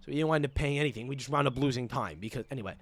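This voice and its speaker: Excitable swearing man ranting. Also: medium pitch, rapid-fire, no room sound. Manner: excitable, profane storytelling. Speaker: podcast host. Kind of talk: casual rant.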